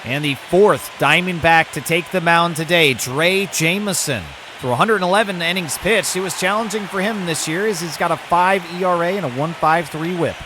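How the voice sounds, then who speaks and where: Switching between announcer-style calls and mumbled asides, a gaming YouTuber commentates on his own video game baseball season. His voice leans high and his speed is normal, with background noise audible.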